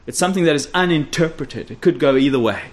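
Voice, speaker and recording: A man preaching an expository sermon, stressing key phrases by repeating them and dropping low and quiet, and putting rhetorical questions to his listeners. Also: lively intonation, quick pace. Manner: asks the audience rhetorical questions.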